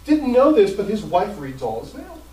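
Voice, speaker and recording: Middle-aged male pastor, animated emphatic preaching, slightly high voice, roomy hall sound picked up from a distance. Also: moderate pace. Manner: animated, emphatic storytelling with sudden pitch jumps. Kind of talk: sermon.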